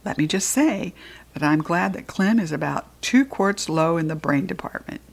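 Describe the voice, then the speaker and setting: Expressive woman reading a children's story. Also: on the low side, moderate pace, vocal fry, slightly rough. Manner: lively, expressive, playful. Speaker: audiobook reader. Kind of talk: first-person storybook narration.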